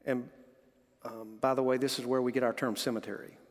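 A man preaching a sermon in a church sanctuary, his voice carrying a long hall reverb. He speaks earnestly at a middle pitch, weaving stories and scripture readings into his message. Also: level tone, brisk. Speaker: pastor.

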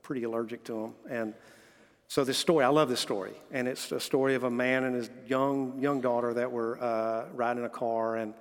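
A man's voice: mid-range voice, flat delivery, normal speed, long reverb tail. A man delivering a sermon as pastor, earnestly preaching, telling stories and reading scripture aloud.

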